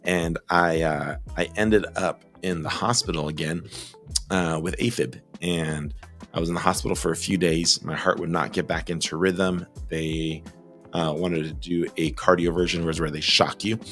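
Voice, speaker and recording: A man who runs a small business tells his own story to camera in an earnest, heartfelt way, pausing often with fillers and sometimes close to tears. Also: low-pitched, fairly even intonation, a bit bright, soft background music. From Southern California. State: emotional, close to tears at times.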